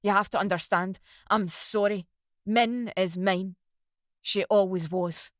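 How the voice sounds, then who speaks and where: A woman's voice: on the low side, measured pace, dry recording, studio quality, close to an everyday voice. A woman voicing a young lieutenant who speaks hard and firm, keeping control.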